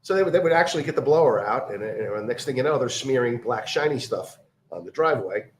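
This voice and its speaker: Halting man telling a story, echoey room. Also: mid-range voice, lively intonation, slight background noise. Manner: halting, many fillers and restarts, acts out quoted voices. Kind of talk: casual storytelling chat.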